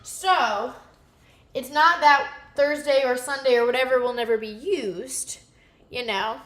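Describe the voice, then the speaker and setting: A woman's voice: high voice, measured pace, fairly bright tone, echoey room. A goofy, rambling woman, chatting casually with viewers while cooking live in her home kitchen.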